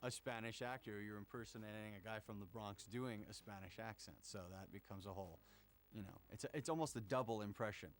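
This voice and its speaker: Male voice actor, lowish voice, reflective interview talk. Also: brisk. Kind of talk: interview about a role.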